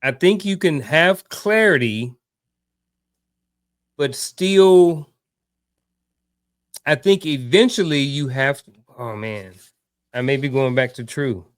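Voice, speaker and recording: A man with a mid-range voice co-hosts a relaxed coaching chat. He is agreeable and thinks out loud, pausing and restarting. The recording is dry and close. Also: medium pitch, clear, resonant tone, no room sound. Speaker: podcast co-host. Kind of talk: casual chat.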